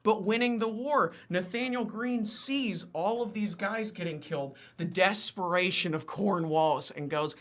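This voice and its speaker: A man with a bright, sharp voice tells history in a rambling, excited way, stumbling over fillers and apologizing for getting carried away. He is a guest in casual chat. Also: sits high, a little slow, hardly any pauses.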